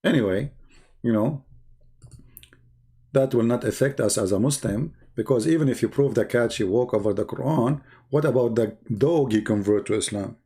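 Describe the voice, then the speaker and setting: A husky-voiced man holds forth on a live stream, full of sarcasm and mockery. His English is non-native and loosely phrased, and he slips into arguing in his opponents' voices. The tone never settles into anything earnest. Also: medium pitch, moderate pace, mellow. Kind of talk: mocking live-stream rant.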